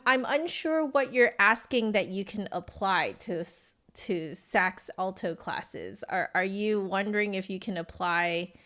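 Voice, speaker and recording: A woman's voice: mid-range voice, a bit bright. A woman with an American accent, a flutist chatting casually with livestream viewers and answering their comments, friendly and full of ums and likes. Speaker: flutist streamer.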